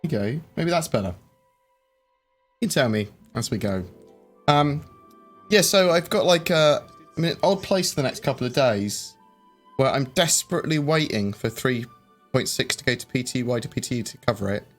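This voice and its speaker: A man's voice: mid-range voice, animated, moderate pace, long pauses. A man hosting a casual live chat, rambling and hesitant, with lots of fillers and restarts. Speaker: livestream host. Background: faint background music.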